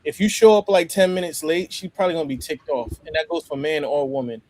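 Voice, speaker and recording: An American man in casual podcast chat, animated, laughing often and restarting his sentences. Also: fairly high pitch, fast. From United States.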